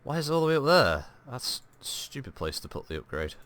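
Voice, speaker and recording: Bright-voiced man joking through gameplay. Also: mid-range voice, very animated, a little fast, a little hiss or hum. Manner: joking, rambling, swears, answers chat. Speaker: gaming streamer. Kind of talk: live gameplay commentary.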